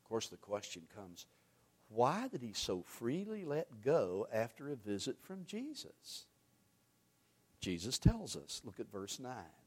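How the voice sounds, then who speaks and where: A man preaching a sermon, animated, swinging from loud emphasis to hushed asides and quizzing the congregation. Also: mid-range voice, a little slow, breathy edge. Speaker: pastor.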